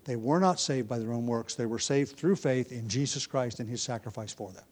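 A man's voice: medium pitch, a little fast, darkish tone. A man teaching through a Bible passage in sermon style, explaining step by step with frequent restarts and asides.

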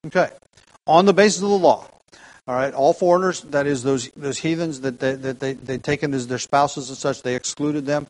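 A man leads a relaxed Bible study, pausing often and restarting his sentences. His voice sits in an ordinary middle register, and he keeps asking the class to find passages. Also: mid-range voice, rough recording. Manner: halting, with many fillers and restarts, asks the class for verses. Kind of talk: casual Bible class lecture.

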